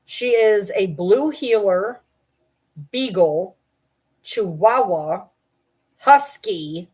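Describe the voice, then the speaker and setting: A woman's voice: mid-range voice, animated, extremely slow, a little mellow, breathy edge. A woman vlogging in casual chat to camera, profane and rambling, breaking off to talk to her dogs.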